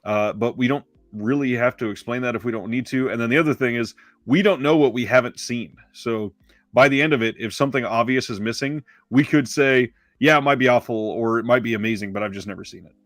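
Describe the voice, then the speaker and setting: A man's voice: medium pitch, a little fast, dry recording, clean studio sound. A man co-hosting a casual movie podcast, rambling and correcting himself with lots of fillers. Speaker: podcast co-host. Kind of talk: casual movie-review chat.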